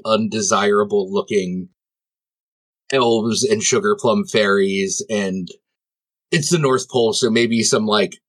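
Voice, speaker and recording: A man's voice: lowish voice, fairly bright tone, breathy edge. A man playing a tabletop game, describing scenes in a rambling way with lots of fillers. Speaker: player.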